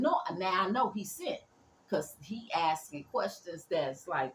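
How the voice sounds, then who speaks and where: A woman's voice: lowish voice, very animated, a little slow, slight background noise. A woman spiritual reader telling a casual story, rambling with many fillers and restarts and playful asides.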